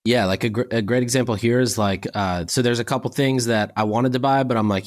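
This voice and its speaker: A man co-hosting a podcast in casual chat, telling relaxed stories and acting out quoted exchanges. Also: medium pitch, brisk, hardly any pauses. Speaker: podcast co-host.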